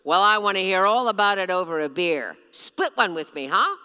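A woman's voice: mid-range voice, lively intonation, moderate pace, clean tone, in a large hall. A woman doing a breezy, teasing brother. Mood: cheerful. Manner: breezy, playful and loud. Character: cheerful, teasing younger brother, a grown man.

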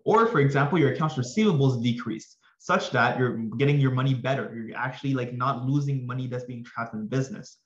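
Hoarse, energetic male finance tutor. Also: medium pitch, fairly quick, few pauses, roomy sound, dull audio. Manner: energetic, addresses viewers with slangy asides. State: slightly hoarse, losing his voice. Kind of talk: casual exam-prep lesson.

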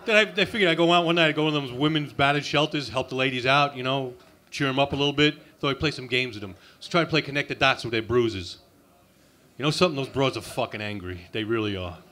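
A man's voice: medium pitch, fast, bright, forceful tone. A man doing a crude, sarcastic insult stand-up routine at an open mic night. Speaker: stand-up comic. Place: comedy club open mic.

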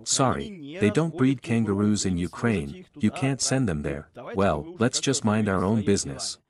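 A man speaks in a rather low voice, delivering political commentary as a voice-over in a sarcastic, argumentative manner. Crowd noise is clearly audible behind him throughout. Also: very animated, a little slow.

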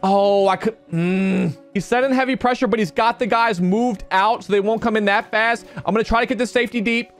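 A man's voice: sits high, brisk, few pauses, soft background music. A young man giving live commentary over his own football video game match, talking to himself and the viewers, his voice jumping up when something goes wrong. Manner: excitable, talks to himself while playing, voice jumps up when outraged. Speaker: gaming video creator.

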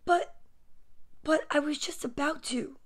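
A woman plays a theatrical little boy who pleads and whines over his beloved toys. His voice rides high and begs with every line. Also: unhurried. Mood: pleading.

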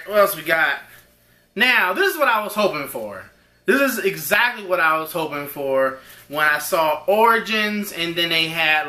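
A man's voice: fairly high pitch, sharp tone. Guy unboxing stuff, rambly and hyped, talks to the guys, echoey room. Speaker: unboxing video host. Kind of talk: casual unboxing chat.

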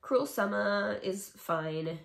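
A young woman who vlogs about music chats casually to the camera as she ranks songs, offering strong opinions and sarcastic asides. Her voice is medium-pitched and creaky, and she speaks slowly. The room she records in is echoey.

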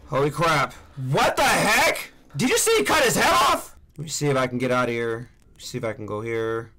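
A young man playing horror games for a channel, excitably yelling at the screen and trash-talking the enemies. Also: medium pitch. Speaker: gaming YouTuber. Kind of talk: let's play commentary.

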